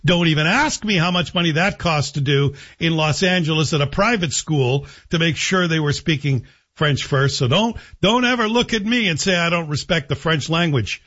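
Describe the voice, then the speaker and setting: Husky, sarcastic middle-aged male radio host. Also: fairly high pitch, normal speed, few pauses, fairly bright tone, lo-fi sound. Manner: sarcastic, joking asides. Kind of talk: radio monologue.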